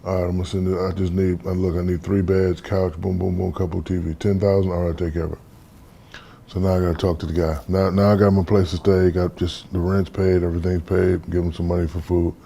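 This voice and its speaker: A man in his fifties from the United States, an interview guest telling stories in a relaxed, casual way and acting out the voices in them. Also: deep voice, fairly quick, creaky, a little hiss or hum. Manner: relaxed storyteller, acts out quoted dialogue.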